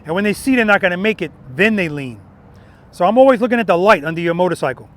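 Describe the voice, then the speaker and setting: A man's voice: sits high, animated, fast talker, fairly bright tone. A man teaching a motorcycle riding lesson in an outdoor parking lot. He stresses key points again and again and often checks in with "right?".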